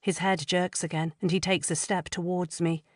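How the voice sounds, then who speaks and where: A woman reading a first-person psychological thriller audiobook in a measured, tense way. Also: fairly low pitch, flat delivery, dry recording, studio quality. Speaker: audiobook narrator.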